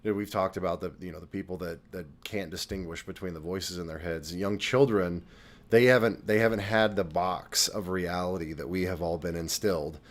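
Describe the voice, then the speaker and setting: Guest, man with a deep, low voice; calm, explanatory, teacherly delivery. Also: brisk. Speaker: deliverance minister. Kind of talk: casual conversation.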